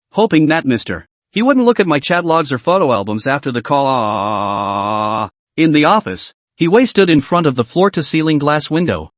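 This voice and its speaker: A man narrates a story recap in a fairly high voice, his pitch rising and falling a lot. The sound is dry and close, with no room around it, and he reads in an even, scripted way. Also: dry recording. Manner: steady reading of dialogue and narration in one voice.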